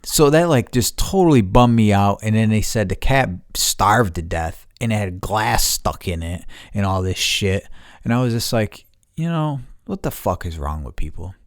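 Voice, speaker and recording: A podcast host with a lowish, animated voice vents in an angry monologue at a moderate pace, swearing heavily, repeating words, and restarting sentences. The sound is clean studio quality with no echo.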